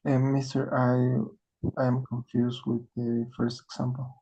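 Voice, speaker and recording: A man's voice: medium pitch, completely flat delivery, measured pace, dark tone, lo-fi sound. A man who is a native Spanish speaker, a student in an English class, asking questions and searching for words.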